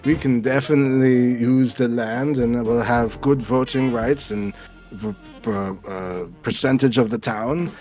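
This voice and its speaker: A man's voice: mid-range voice, fairly even intonation, a little slow, darkish tone, faint music behind, natural voice. A man voicing a rich, stubborn foreign man set on buying a farm, self-assured and matter-of-fact.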